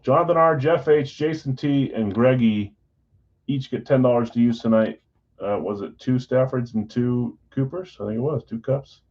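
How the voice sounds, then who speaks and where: A man hosting a live card break, talking casually and rattling off names and teams in quick runs. His voice sits at an ordinary middle pitch. The stream audio is a little dull and muffled. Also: a little mellow, husky. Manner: chatty, reads out names and teams in quick lists.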